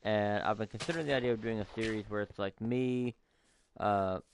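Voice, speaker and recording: A man's voice: lowish voice, fairly even intonation, a little fast, a little hiss or hum. A man giving casual, rambling let's-play commentary as a gaming YouTuber, amused by his own asides.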